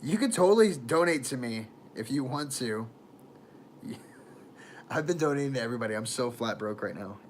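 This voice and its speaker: A man's voice: medium pitch, animated, moderate pace, slight background noise. Rambling man livestreaming from a phone. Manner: rambling, laughs often, trails off. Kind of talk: casual livestream chat. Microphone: phone camera.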